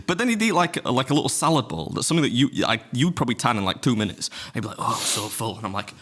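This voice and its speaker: A man's voice: medium pitch, expressive, very fast, fairly bright tone. A man co-hosting a podcast in casual banter, brash and swearing, often mimicking others. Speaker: podcast co-host.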